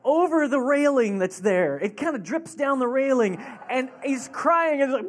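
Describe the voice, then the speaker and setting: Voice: high-pitched, expressive, moderate pace, hardly any pauses. Pastor, sermon, easygoing storyteller with a chatty, rambling delivery. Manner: conversational, rambling storytelling with laughs.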